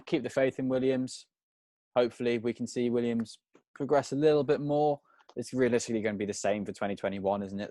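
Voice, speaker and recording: A man's voice: lowish voice, mellow, no room sound. A man co-hosting a casual podcast, giving his opinions at length in long, thinking-aloud runs. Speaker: podcast co-host.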